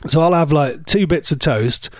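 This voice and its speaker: A man presenting a casual radio show, rambling and chatty, his voice going a bit hoarse. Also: a little high, normal speed, dry recording. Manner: rambling, chatty, laughs often.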